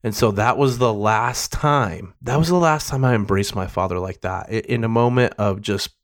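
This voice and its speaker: A man's voice: fairly low pitch, normal speed. A middle-aged man giving a candid personal monologue, emotional and profane, rambling with restarts.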